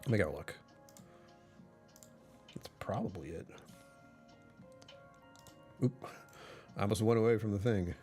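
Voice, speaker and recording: Rambling, low-voiced male streamer. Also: a little slow, pauses often, warm tone, soft background music. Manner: rambling, self-correcting, often laughing mid-sentence. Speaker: livestreamer. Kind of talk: casual livestream chat.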